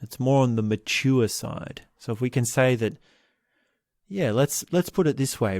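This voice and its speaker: A man hosting a podcast, giving a slow, reflective commentary on a book series, often pausing and restarting his sentences. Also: medium pitch, animated, darkish tone, no echo, clean studio sound. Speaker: podcast host.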